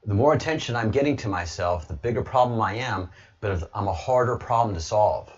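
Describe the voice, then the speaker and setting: A man talking casually on his livestream, rambling and now and then breaking into loud, excited bursts. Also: fairly low pitch, brisk, husky, lo-fi sound. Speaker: livestreamer, political commentator.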